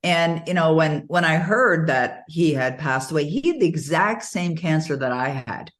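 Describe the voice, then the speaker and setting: A middle-aged woman giving an interview, telling stories in a lively way and often laughing as she talks. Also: low voice, normal speed. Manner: animated storytelling, frequent laughs. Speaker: interview guest. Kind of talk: casual interview conversation.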